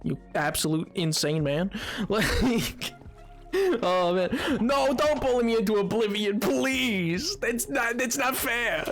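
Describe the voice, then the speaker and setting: A man's voice: high-pitched, expressive, slow, a bit bright, faint music behind. A man live streaming while gaming, chatting with viewers in a put-on 1920s radio announcer accent, playful and laughing often.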